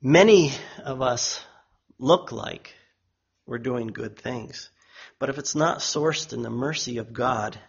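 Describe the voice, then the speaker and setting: A man preaching a sermon, emphatic, lifting his voice when he quotes others and dropping low and quiet on solemn lines, with a husky tone. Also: highs cut off.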